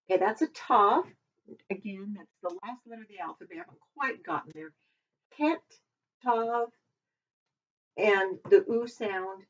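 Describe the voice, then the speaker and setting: A woman teaching a casual Hebrew vocabulary lesson, chatting and thinking aloud as she double-checks her work. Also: medium pitch. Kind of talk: informal recorded lesson. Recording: dull lo-fi recording.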